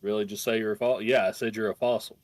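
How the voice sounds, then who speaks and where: A man's voice: lowish voice, steady tone, very fast, no room sound. A man playing a game with a friend on a stream, explaining the game and teasing his co-player in a dry way. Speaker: guest co-player. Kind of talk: casual gameplay chat.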